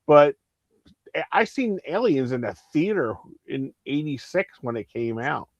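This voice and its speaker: A man in his fifties from the area, chatting casually about films in a rambling, animated way with many restarts. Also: on the high side, a little slow, dry recording. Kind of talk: casual film chat. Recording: dull lo-fi stream audio.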